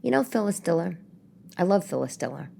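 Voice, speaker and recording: Chatty New woman, lowish voice. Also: very animated, vocal fry, warm tone, slight background noise. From New York. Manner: chatty, rambling, self-interrupting with quick asides. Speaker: podcast host. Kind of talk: casual storytelling monologue. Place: living room.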